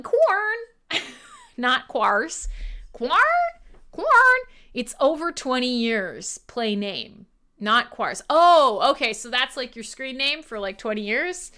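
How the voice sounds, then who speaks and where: A woman's voice: fairly high pitch, pushed and bright. A young woman hosting a casual livestream radio show, chatting playfully with her viewers and laughing at herself. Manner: giggly, playful, self-deprecating, chatty with viewers.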